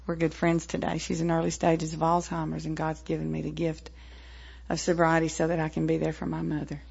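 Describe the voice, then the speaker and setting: A woman in her forties with a Southern American accent, frankly telling her personal story at a recovery meeting, with pauses and wry asides. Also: deep voice, completely flat delivery, gravelly, darkish tone, husky. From American South, Tennessee-Mississippi line. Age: 40s. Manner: frank, plainspoken, with fillers and wry laughs. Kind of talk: personal testimony. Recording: dull lo-fi recording.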